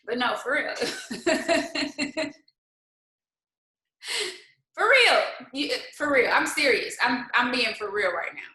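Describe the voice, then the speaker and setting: Woman, motivational host, casual live-stream talk, faith-based, rhetorical questions, colloquial, bright voice, echoey room. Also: fairly high pitch, lively intonation, unhurried. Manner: colloquial, laughs often. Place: indoors at home.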